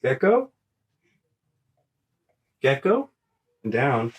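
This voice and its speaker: A parent using gentle, coaxing baby talk to a small child, repeating words slowly and reassuring the child. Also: mid-range voice, very animated, slightly rough. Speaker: parent showing animals to a toddler.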